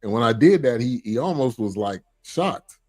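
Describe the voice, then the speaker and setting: A man hosting a podcast, agreeing often and explaining in a steady, casual way. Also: mid-range voice, normal speed, no room sound. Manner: agreeable, steady explaining with frequent "right" and fillers. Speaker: podcast host. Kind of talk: casual chat.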